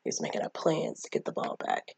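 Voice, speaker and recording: A woman's voice: brisk, a little mellow, dry recording. A woman casually recapping a film, rambling and acting out the characters' lines. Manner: rambling, acts out quotes of characters. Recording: dull lo-fi mic.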